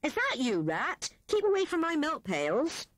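A woman's voice: high voice, wildly swooping pitch, measured pace, no room sound, pitched above the performer's own voice, full character voice. Woman playing a kindly grumbling old hedgehog. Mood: gruff. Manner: grumbling, homely. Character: kindly old male hedgehog, gruff and plain.

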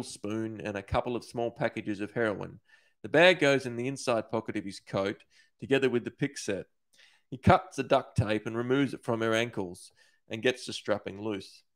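A man from Australia, an author, reading his dark short story aloud in a steady, measured way. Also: medium pitch.

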